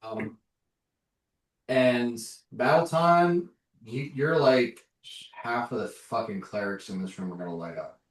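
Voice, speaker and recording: Slow, halting game master with echo. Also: male voice, medium pitch. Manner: halting, filler-heavy narration. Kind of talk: running a tabletop game. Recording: echoey room, distant mic.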